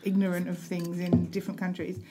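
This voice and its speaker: A woman's voice: lowish voice, monotone, a little fast, very noisy. Middle-aged woman, podcast co-host, eager and laughing, casual chat. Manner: chatty, enthusiastic, laughs often.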